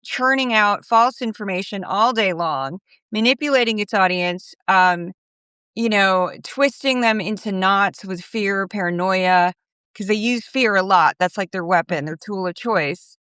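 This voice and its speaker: A woman guest in a casual interview, her voice smooth and clear in a dry, close-miked sound. She tells her stories with animation and slips into other people's voices when she quotes them. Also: mid-range voice, measured pace, pushed and bright, no echo. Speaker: guest commentator.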